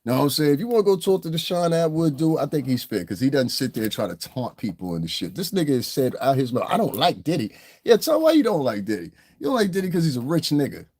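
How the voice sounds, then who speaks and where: A man's voice: a little high, big pitch swings, fast talker, hardly any pauses, darkish tone. A man in a casual livestream rant, talking in a blunt, heated, profane way as the show's commentator.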